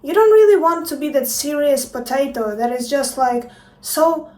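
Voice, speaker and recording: A woman's voice: sits high, animated, normal speed, a little mellow. A woman and life coach talking to her viewers in a casual motivational vlog, playful and emphatic, swearing freely. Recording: echoey room, distant from mic.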